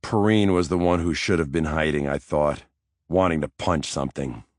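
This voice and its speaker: A man's voice: a bass voice, moderate pace, no room sound, clean studio sound. A man reading a crime thriller audiobook in a sardonic, brooding first-person voice. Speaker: audiobook narrator. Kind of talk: scripted first-person narration.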